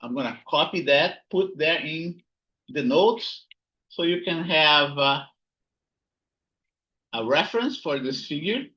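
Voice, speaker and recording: Slow, bright-voiced male physics lecturer. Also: a little high, lively intonation, highs cut off. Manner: repeats key words, frequent "right?" and "here you go". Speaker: physics instructor. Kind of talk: recorded lecture while writing notes.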